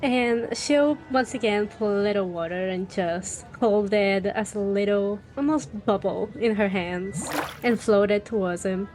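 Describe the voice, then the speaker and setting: A woman's voice: mid-range voice, measured pace, darkish tone, faint music behind. A woman player in a tabletop role-playing game who thoughtfully describes her character's actions.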